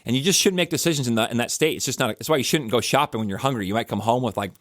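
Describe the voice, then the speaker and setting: A man's voice: medium pitch, racing, a bit bright, no room sound, clean studio sound. A man in his forties hosting a church podcast, talking in a casual, reflective way with lots of fillers and restarts. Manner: conversational and rambling, many fillers and restarts.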